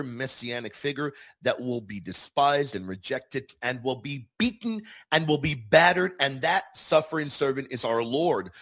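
A man's voice: a little high, gravelly, a bit bright, husky. A man hosting a Catholic teaching show, speaking earnestly and emphatically, repeating key words for stress. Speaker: show host.

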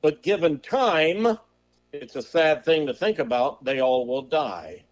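Man preaching emphatically, fairly high voice. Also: expressive. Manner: emphatic preaching with rhetorical questions; slows and drawls on scripture quotes. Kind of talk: sermon.

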